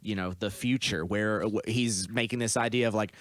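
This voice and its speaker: Smooth-voiced young man, casual movie chat. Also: fairly low pitch, a little fast. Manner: animated, does reaction voices. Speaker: podcast co-host.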